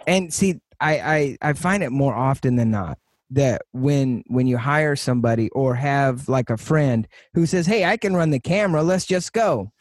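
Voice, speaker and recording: A man hosting an interview, telling a story in a rambling way with many restarts and animated retellings. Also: mid-range voice, normal speed, no room sound. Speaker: podcast host and interviewer. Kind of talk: casual interview chat.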